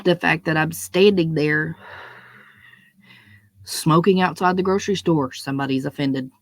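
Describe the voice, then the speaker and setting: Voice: mid-range voice, steady tone, measured pace, no echo. A young adult giving a blunt, profane, unscripted rant, hammering points home with repetition. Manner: blunt, profane, emphatic, repeats words when stressing a point. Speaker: monologue speaker. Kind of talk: unscripted ranting monologue.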